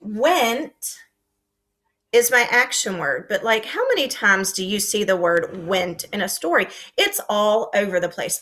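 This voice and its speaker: Slow, bright-voiced teacher talking to kids. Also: female voice, mid-range voice. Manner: slow, clear and expressive, acting out example sentences. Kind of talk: remote lesson for young children.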